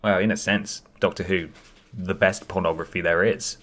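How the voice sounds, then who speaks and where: A man's voice: low-pitched, moderate pace. A man co-hosting a comedy podcast, teasing and joking in casual chat. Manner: jokey, teasing, animated. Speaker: podcast co-host.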